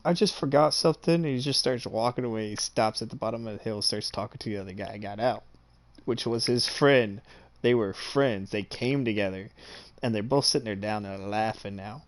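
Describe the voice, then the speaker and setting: A man's voice: on the low side, moderate pace. A man casually telling a boastful, profane story from his own experience, often checking in with the listener. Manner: swears freely, checks in with "okay?"; boastful and amused. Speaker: streamer.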